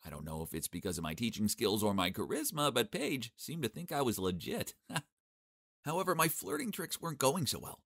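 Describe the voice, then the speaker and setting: A young man narrating a first-person animated story in a cocky, sarcastic, expressive way. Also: medium pitch, moderate pace, dry recording.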